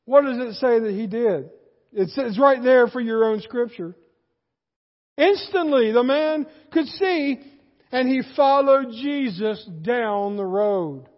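A male pastor preaching a sermon, animated, swinging between shouts and hushed asides. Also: very high-pitched, slow. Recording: dull sound, long hall reverb.

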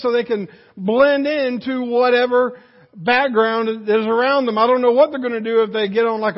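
A man preaching a sermon as a pastor, folksy and joking. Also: very high voice. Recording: dull lo-fi audio with long church reverb.

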